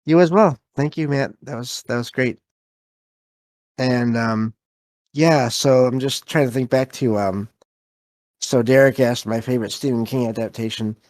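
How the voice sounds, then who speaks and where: Man hosting a call-in podcast, mid-pitched, dry close sound, easygoing. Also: a little slow, a little mellow, no room sound. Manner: easygoing, with repeated words. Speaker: podcast host.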